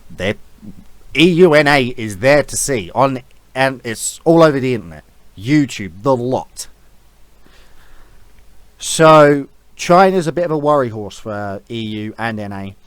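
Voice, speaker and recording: A man's voice: medium pitch, lively intonation, unhurried, pauses often, no echo. Blunt swearing man ranting, dry sound. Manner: blunt, swears freely, rambling asides. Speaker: esports commentator vlogger. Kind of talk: casual opinion rant.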